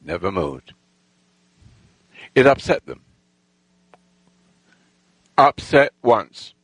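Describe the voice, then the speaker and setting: A man telling a rambling, boastful personal story, halting with restarts and lost threads. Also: medium pitch, gravelly, no echo, low-quality recording. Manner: boastful, self-assured storytelling.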